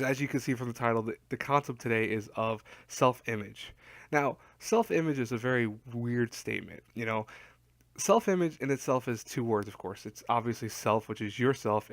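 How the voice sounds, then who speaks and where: A man's voice: mid-range voice, no room sound. A tired young man with a voice worn from talking all day, rambling casually with lots of fillers as he gives advice in his vlog. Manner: rambling, self-deprecating, chatty with fillers. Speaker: YouTuber giving advice.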